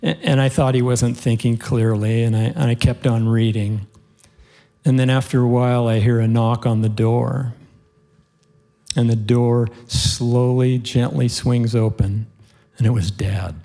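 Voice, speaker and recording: A man's voice: medium pitch, fairly even intonation, measured pace, creaky. A man preaching, telling a heartfelt story to his congregation in an earnest way. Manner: earnest, heartfelt storytelling with occasional soft laughs. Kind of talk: sermon storytelling.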